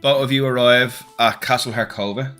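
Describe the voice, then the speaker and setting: A man's voice: mid-range voice, steady tone, normal speed, sharp tone, soft background music. A man narrating as game master of a tabletop role-play, casual with fillers and slipping into characters' lines.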